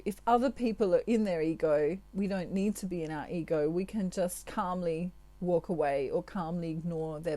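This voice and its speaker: A woman, a tarot reader, giving spiritual advice to her viewers in a chatty, gentle way with asides. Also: lowish voice, no echo.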